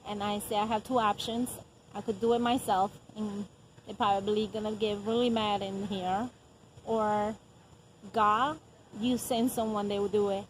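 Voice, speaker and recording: A middle-aged woman telling a personal faith testimony as a mother, earnest and unhurried, often pausing with soft laughs. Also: mid-range voice, slight background noise, poor audio. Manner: earnest, frequent soft laughs and hesitant "um" pauses.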